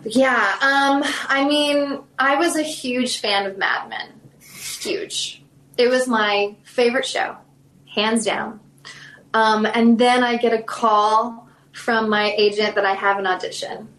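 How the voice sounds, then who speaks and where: A woman from South Carolina with a light Southern accent, an actress telling stories in a casual interview, chatty and animated with many fillers. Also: on the high side, takes it slowly, roomy sound, rough recording. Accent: Southern American.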